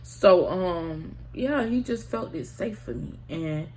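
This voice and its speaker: A woman's voice: on the low side, lively intonation, slow, warm tone, slight background noise. A woman telling a personal story in a casual storytime vlog, candid and slangy, often talking straight to her viewers. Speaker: storytime vlogger.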